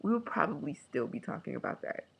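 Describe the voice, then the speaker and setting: A woman talking candidly in a casual video diary, emotional and joking, sometimes breaking into a squeaky high chant. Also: sing-song, quick pace, vocal fry, slightly rough, whispered, dull audio. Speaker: vlogger.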